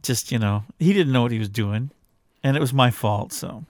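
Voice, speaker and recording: A man's voice: medium pitch, normal speed, no echo. Middle aged guy rambling on a home podcast, easygoing, dry close sound. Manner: rambling, easygoing, restarts often. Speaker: podcast co-host. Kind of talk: casual home podcast chat.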